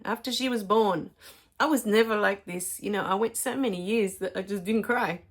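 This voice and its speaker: A middle-aged woman, telling spiritual stories in a soft, emotional way with many pauses and fillers. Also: mid-range voice. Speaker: spiritual teacher. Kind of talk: personal spiritual storytelling.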